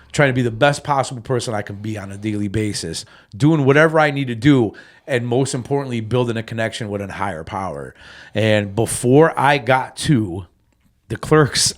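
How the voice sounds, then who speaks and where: A man co-hosting a casual sobriety podcast, telling a personal story in an animated way and dropping fillers like man and bro. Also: medium pitch. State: tearful when reliving the moment. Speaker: podcast co-host.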